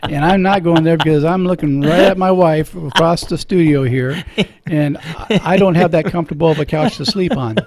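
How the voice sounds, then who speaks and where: A man's voice: a little high, normal speed, darkish tone. A middle-aged man hosting a radio talk show from a studio, earnest and preacherly, moved when he quotes scripture.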